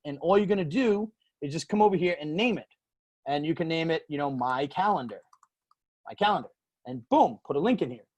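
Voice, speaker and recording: A man hosting a casual screen-share software tutorial, loose and rambling, full of fillers. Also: sits high, slightly rough.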